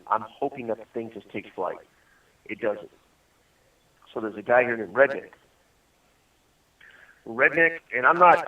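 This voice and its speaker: A man in prison telling rambling stories in casual chat on a call, laughing often. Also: mid-range voice. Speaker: incarcerated caller. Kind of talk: casual storytelling over a phone call. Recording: distant, tinny phone line.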